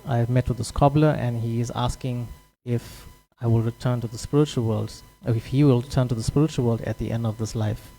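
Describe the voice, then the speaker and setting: A polite, plain-spoken wandering sage, as a man puts him on. The voice is mellow and warm in a storyteller's retelling. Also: mid-range voice, steady tone, brisk, few pauses, lightly acted, low-quality recording. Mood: respectful. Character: humble travelling male sage messenger.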